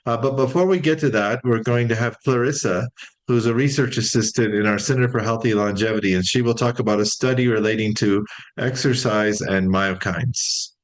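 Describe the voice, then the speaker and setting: A man's voice: medium pitch, moderate pace, low-quality recording. A man with a cold and a strained voice, hosting a webinar in a joking, informal way with many fillers. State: losing his voice from a cold. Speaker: webinar host. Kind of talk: casual webinar introduction.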